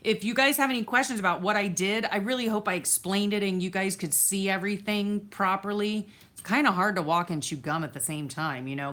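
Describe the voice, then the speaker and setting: A host with a lowish, slightly bright voice keeps her craft stream casual, greeting viewers by name and addressing their comments. Easily distracted, she fills her talk with fillers and restarts and sometimes strays from the mic.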